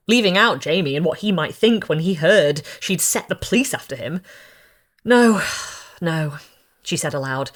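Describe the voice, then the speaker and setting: A woman narrating a short story as a reader, telling it in a lively, dramatic storytelling way. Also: fairly low pitch. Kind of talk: expressive audiobook narration.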